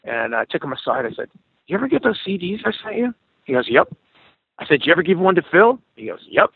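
A man's voice: a little high, quick pace, gravelly, slightly rough, dry recording. A middle-aged man telling a long story as a guest in an interview, acting out the dialogue as he goes. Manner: animated storyteller, acts out quoted dialogue. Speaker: guest musician. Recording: tinny phone-like call audio.

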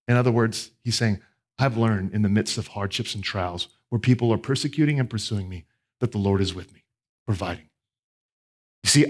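A middle-aged man preaches a sermon at an ordinary, mid-range pitch. He pushes key lines up with emphasis, then drops to a hushed, quiet tone. His delivery feels conversational yet driven. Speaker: pastor.

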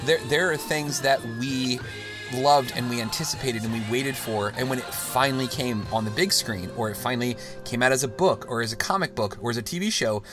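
A man hosting a casual podcast, talking at length and with strong feeling, swinging from excited outbursts to hushed, tender stretches. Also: mid-range voice, brisk, music in the background. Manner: long-winded, emotional, swings from excited to hushed. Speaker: podcast host.

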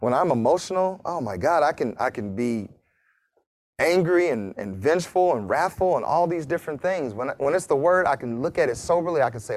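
A man's voice: on the high side, expressive, fairly quick. A man preaching a casual sermon, reading scripture and joking with his congregation. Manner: casual, joking preaching with laughs and acted asides. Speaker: pastor.

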